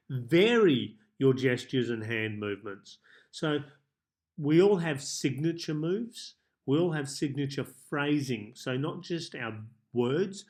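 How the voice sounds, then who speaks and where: A man coaching viewers in a self-help tips monologue, speaking calmly and measuredly with deliberate pauses. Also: mid-range voice. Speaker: life coach.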